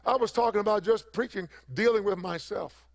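A man's voice: sits high, a little fast, creaky. A man preaching a sermon as pastor, emphatic and repeating phrases for effect.

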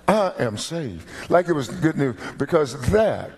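Man, pastor, sermon, emphatic rising peaks, slightly high voice. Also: very animated, a little slow, darkish tone, breathy edge.

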